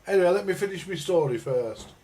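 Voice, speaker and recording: A livestream host's voice sits high, mellow yet expressive, as he speeds through a meandering, swear-filled school-days tale. He keeps restarting and drifting into asides while chatting live.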